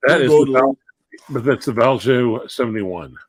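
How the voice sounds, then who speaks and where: A man's voice: mid-range voice, lively intonation, normal speed, no echo. A man joining a casual video call, explaining at length in a knowledgeable way. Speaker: guest on a call. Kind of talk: casual chat.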